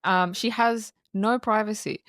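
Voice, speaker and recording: A woman co-hosts a casual film review podcast. She swears freely and laughs easily as she retells scenes. Her voice sits at a middle pitch and sounds dry and close to the mic. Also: fairly even intonation, a little slow, a bit bright, no echo. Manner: swears freely, acts out quotes, laughs often. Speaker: podcast co-host.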